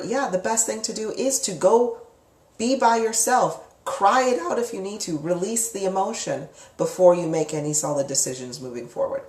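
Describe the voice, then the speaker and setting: A woman's voice: lowish voice, a little mellow, roomy sound. A woman hosting a live psychic Q&A, answering viewer comments in a frank, chatty way with casual swearing. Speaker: psychic live-stream host.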